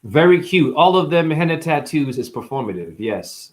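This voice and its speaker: A man's voice: a little high, very animated, normal speed. Man vlogger, in chronic pain, raw profane monologue, blunt and rambling. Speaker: live-stream vlogger.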